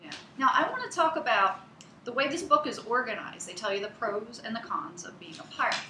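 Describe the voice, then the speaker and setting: A woman's voice: on the high side, animated, fairly quick, sharp tone, a little hiss or hum. A woman teacher giving a one-on-one reading lesson, explaining things patiently, step by step. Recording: echoey room.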